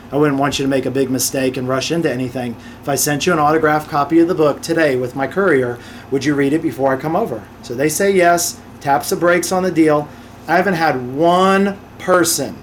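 Animated, higher-voiced man telling stories. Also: slight background noise. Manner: animated, acts out customers' voices in quick asides. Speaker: podcast guest, real estate investor and author. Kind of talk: casual interview storytelling.

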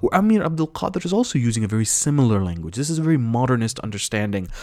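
A man's voice: mid-range voice, big pitch swings, very fast, mellow, no room sound, clean studio sound. A man with an American accent giving an earnest, explanatory history lecture, with the odd restart and filler.

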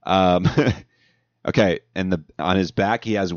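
Male co-host, easygoing and rambling, low voice, lo-fi sound. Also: fairly even intonation, takes it slowly, dry recording. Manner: laid-back, laughs often, describes things in a loose rambling way. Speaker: podcast co-host. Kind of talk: casual chat.

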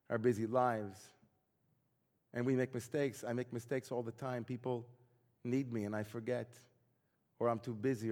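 A man's voice: medium pitch, a little mellow, long reverb tail. A man who is a rabbi, delivering an earnest, reflective sermon full of searching questions.

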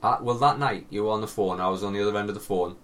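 A man's voice: fairly low pitch, steady tone, very fast, a bit bright. A young man with a North East English accent, co-hosting a podcast with dry, teasing banter. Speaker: podcast co-host. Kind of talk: casual chat.

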